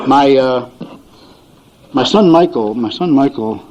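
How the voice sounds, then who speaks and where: A man's voice: mid-range voice, animated, slow pace, a little hiss or hum. An older man speaking at a recovery meeting, telling folksy, chuckling stories to an audience and acting out his family's voices. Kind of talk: storytelling talk to an audience. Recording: dull lo-fi recording.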